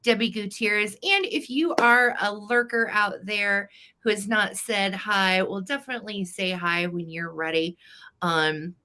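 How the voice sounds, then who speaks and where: A woman's voice: mid-range voice, measured pace, pushed and bright. A woman hosting a live vintage sale stream, chatting casually and greeting viewers by name.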